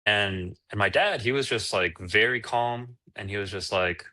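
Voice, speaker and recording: Bright-voiced man, candid entrepreneur guest. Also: fairly low pitch, normal speed. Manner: candid, rambling with fillers and restarts. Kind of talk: casual interview chat.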